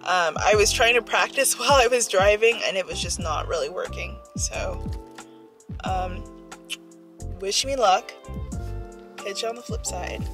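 A young woman chats casually to a dashboard camera while sitting in her parked car, giggling and dropping "like" constantly in this vlog. Her medium-pitched voice moves a little slowly with frequent pauses, and the low-quality recording has music playing behind her.

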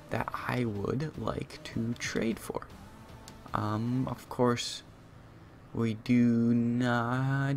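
A man's voice: mid-range voice, slight background noise. A young man giving casual gameplay commentary, thinking aloud with frequent fillers as he talks through his moves. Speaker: gaming youtuber.

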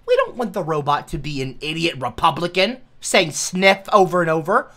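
A man livestreaming, scolding his chat like a mock teacher, shifting from shouts to slow hushed lecturing. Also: a little high, sing-song. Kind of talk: ranting livestream talk.

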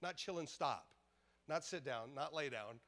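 A man's voice: fairly high pitch, animated, a little slow, fairly bright tone. A man preaching a sermon as pastor, emphatic and repetitive, calling out questions to the congregation. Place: church service.

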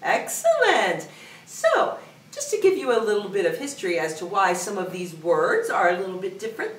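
A woman music teacher leading a singing lesson, singing short phrases and then coaching in a soft, brisk speaking voice. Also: medium pitch, very animated. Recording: roomy sound from a distance, piano behind. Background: piano.

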